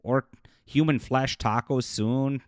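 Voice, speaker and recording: A man giving casual, scornful commentary for his video channel, laughing often and filling pauses with "uh". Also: mid-range voice, no room sound, studio quality. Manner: scornful, mocking, laughs often, many fillers. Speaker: YouTube commentator.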